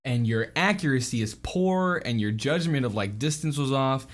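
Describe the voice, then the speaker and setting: A man's voice: mid-range voice, lively intonation, moderate pace. A man narrating as game master of a tabletop game, rambling with lots of fillers. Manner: rambling, filler-heavy and giggly.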